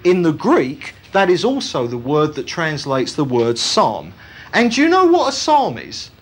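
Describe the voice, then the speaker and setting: A preacher giving an emphatic Bible teaching sermon, often putting rhetorical questions to the congregation. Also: mid-range voice.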